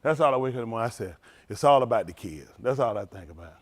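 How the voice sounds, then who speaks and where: A man's voice: mid-range voice, expressive, very fast. A man preaching, joking loosely and teasing his congregation, laughing often. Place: synagogue hall, livestream.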